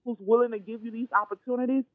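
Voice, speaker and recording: A high-pitched young man talks as a podcast guest, chatty and loose, full of fillers. His voice comes over a thin, phone-like line, dry and close with no room around it. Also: level tone, rapid-fire, no room sound. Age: young adult. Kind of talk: casual interview over the phone.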